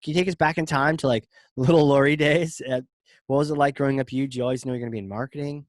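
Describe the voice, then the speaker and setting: A man's voice: medium pitch, fairly even intonation, fast talker, no echo. A man with a Boston accent hosting a podcast, asking questions in an upbeat, playful way. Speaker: podcast host. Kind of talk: casual podcast conversation.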